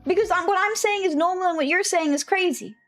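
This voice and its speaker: High-pitched South African woman streamer. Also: fast talker, faint music behind. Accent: South African English. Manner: playful, animated, reacting to chat messages. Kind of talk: casual chat with live chat.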